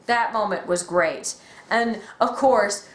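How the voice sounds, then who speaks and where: Woman, casual fan chat, excitable and gushing, mid pitch, echoey room. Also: slow pace. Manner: excitable, gushing, often acts out quotes. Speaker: podcast co-host.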